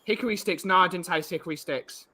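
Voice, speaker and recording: A man's voice: high-pitched, fast talker, pushed and bright. A man in a casual chat, playful and joking.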